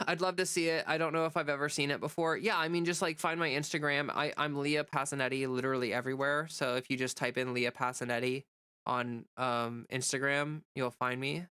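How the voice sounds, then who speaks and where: Speaking fairly quickly at an extremely low pitch, a livestreaming woman sounds smooth, fairly bright, and fairly even, though stuffy and nasal from a cold. The content creator rambles chattily with many fillers while reading viewers' comments.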